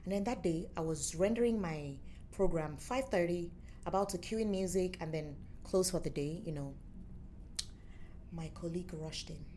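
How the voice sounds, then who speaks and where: A young adult woman with a Nigerian accent, telling her story as an interview guest in lively, playful chat and acting out the voices of others. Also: on the low side, moderate pace, slight background noise. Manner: animated, playful storyteller who acts out quotes. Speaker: musician and former radio presenter, interview guest.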